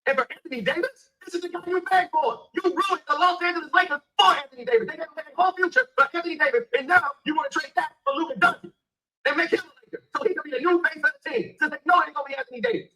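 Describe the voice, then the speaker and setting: A man's voice: very high-pitched, rapid-fire, pushed and bright, low-quality recording. A man, ranting angrily and profanely about basketball. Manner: heated, profane, emphatic. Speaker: sports commentator. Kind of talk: angry rant.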